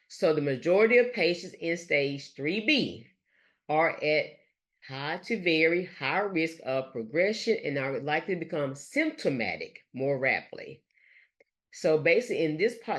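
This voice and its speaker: A nurse educator giving a recorded lecture over slides, speaking haltingly and leaning on fillers and restarts. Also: mid-range voice, fairly bright tone. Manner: halting, with frequent fillers like "let's say" and "gonna".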